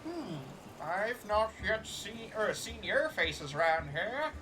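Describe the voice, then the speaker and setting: A woman's voice: mid-range voice, very animated, slow pace, background noise. A woman doing a hearty old merchant man. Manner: folksy old-timey speech with drawled words. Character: jovial old male merchant, rustic and boastful. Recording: music playing underneath.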